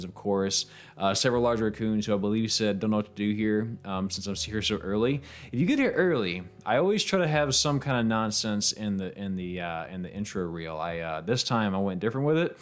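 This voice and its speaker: Male streamer, low-pitched, quick talker, tired, rambling, easygoing, frequent laughs and fillers, casual live-stream chat. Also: expressive. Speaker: game streamer and voiceover actor.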